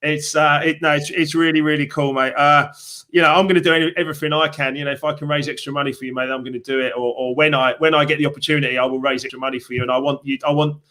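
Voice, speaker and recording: A man's voice: a little high, flat delivery, very fast, sharp tone. A middle-aged man hosting an interview, openly emotional and encouraging, calling his guest "mate". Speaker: host. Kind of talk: casual interview chat.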